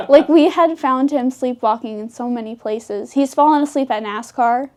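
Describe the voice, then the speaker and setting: Mellow-voiced teenage girl, giggly. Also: high voice. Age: teens. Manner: giggly, chatty, quick asides. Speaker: interviewee, high school senior. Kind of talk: casual interview storytelling.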